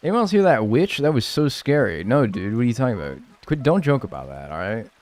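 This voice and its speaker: A male streamer talking casually with his chat, jokey and animated. His pitch rises and falls a lot as he reacts, and it sits at an ordinary middle height. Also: fast, no room sound. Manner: animated, joking, reads and answers chat.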